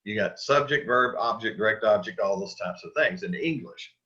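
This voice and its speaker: A man's voice: fairly low pitch, moderate pace, pushed and bright. Guy teaching sunday school, chatty, keeps restarting and asking the class stuff, dull lo-fi recording. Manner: conversational teaching with frequent restarts and questions to the class. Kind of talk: Bible study lesson. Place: church classroom.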